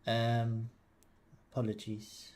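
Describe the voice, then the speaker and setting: A man streaming from his desk, mumbling quietly and thinking aloud with lots of fillers, sometimes leaning back from his mic. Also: medium pitch, completely flat delivery, slow, slight background noise. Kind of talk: casual live-stream commentary while working. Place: home desk.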